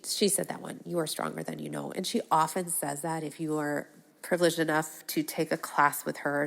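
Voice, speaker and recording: A woman hosting a solo podcast, earnestly sharing affirmations, often dropping to a soft near-whisper as she repeats them and checking in with "okay?" and "right?". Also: low voice, creaky. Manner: speaks in short phrases with frequent "okay?" and "right?". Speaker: podcast host.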